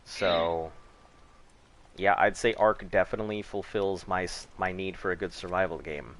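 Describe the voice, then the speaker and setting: Low-voiced, swearing man telling stories. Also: fairly even intonation, moderate pace. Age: 30s. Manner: swearing, laughing storyteller. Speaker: gaming streamer. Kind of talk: casual chat while gaming.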